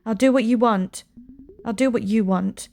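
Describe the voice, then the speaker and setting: A woman's voice: fairly high pitch, normal speed, gravelly, a little mellow, faint music behind. A woman voicing a young single mother, pleading and defensive, as she reads game dialogue aloud. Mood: strained.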